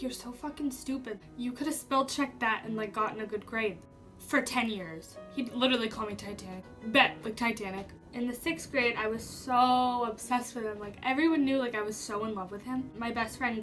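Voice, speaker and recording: A woman's voice: on the high side, fairly bright tone, recorded from a distance. A young woman telling a personal story to camera in a chatty way, full of "like" and casual swearing. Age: young adult. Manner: chatty, says "like" often, swears freely. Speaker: YouTuber.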